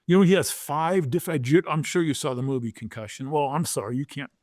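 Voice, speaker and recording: A man in his sixties, a former pro football player, telling stories as a podcast guest in an animated way, often repeating words and acting out quotes. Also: on the high side, brisk, dry recording, studio quality. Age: 60s. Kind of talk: conversational storytelling.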